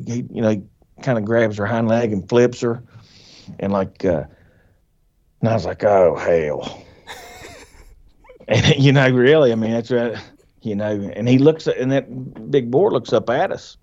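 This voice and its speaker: A man telling a hunting story as a podcast guest, animated and folksy, laughing often and acting out what people said. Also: mid-range voice, normal speed, pauses often, dull audio. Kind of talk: casual storytelling.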